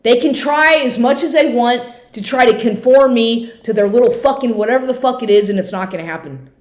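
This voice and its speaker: A woman's voice: on the high side, a little fast. A woman in her fifties ranting angrily to camera at home, swearing often and restarting her sentences. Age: 50s. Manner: heated, swearing, repetitive restarts. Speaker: vlogger. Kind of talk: angry profane rant to camera. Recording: echoey room.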